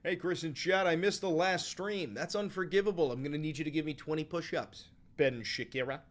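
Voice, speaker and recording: A man hosting a casual political live stream, sarcastic and profane, sometimes erupting into sudden yelling, talking into a close desk microphone at a home setup. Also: fairly high pitch, fairly quick.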